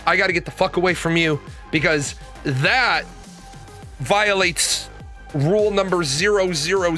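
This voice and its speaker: Bright, high-voiced blunt storyteller man. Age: middle-aged. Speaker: host. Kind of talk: casual storytelling monologue.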